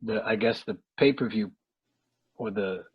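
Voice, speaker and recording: A man chats about boxing in a loose, rambling way, stopping and restarting his sentences. His voice is husky and a little breathy. The sound is dull and lo-fi, like a remote line. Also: on the low side. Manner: rambling, halting with many fillers and restarts. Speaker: boxing analyst guest. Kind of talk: casual podcast chat.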